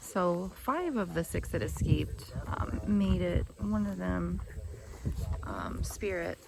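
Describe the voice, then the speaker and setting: A young woman vlogging at an outdoor farm sanctuary, chatty and excitable, cooing at the animals. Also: on the low side, vocal fry, slight background noise. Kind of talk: casual vlog narration.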